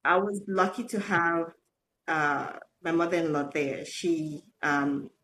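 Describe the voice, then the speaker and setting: Middle-aged woman guest, animated storyteller, laughs a lot, faint room hiss. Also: sits low, slow pace. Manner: animated, laughs often, acts out quotes. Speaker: podcast guest. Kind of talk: casual storytelling interview.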